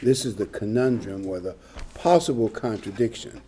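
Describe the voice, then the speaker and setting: A man's voice: lowish voice, moderate pace, warm tone, a little hiss or hum. An older man preaching a sermon, reading scripture and adding conversational, humorous asides. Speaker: pastor.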